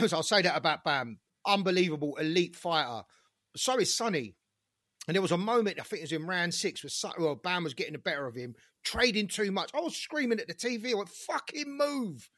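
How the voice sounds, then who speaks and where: Animated, swearing man, high voice. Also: brisk, no echo, studio quality. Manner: animated, swearing, shouts when reenacting. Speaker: podcast co-host. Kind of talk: casual chat.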